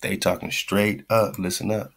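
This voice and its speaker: A man with a very low voice and a rough, gravelly texture. He hosts a radio show and talks over a clip in blunt, profane slang, circling back to his points again and again. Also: flat delivery, moderate pace, background noise. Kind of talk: commentary on a played clip.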